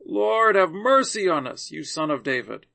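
A man's voice: high-pitched, lively intonation, measured pace, gravelly, pushed and bright, pitched above the performer's own voice, heavily acted. Desperate blind men crying out, voiced by a man. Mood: pleading. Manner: crying out, pleading.

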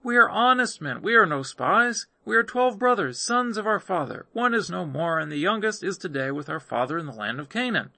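A man's voice: high voice, very animated, a little fast, creaky, few pauses, pushed and bright, dry recording, pitched above the performer's own voice, full character voice. A man doing pleading, frightened brothers. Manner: pleading, anxious.

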